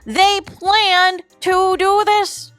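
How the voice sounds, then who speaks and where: High bright-voiced woman reaction host. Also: little pitch movement, extremely slow, no room sound, soft background music. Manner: chatty, addresses viewers as "you guys". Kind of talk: casual reality-TV commentary.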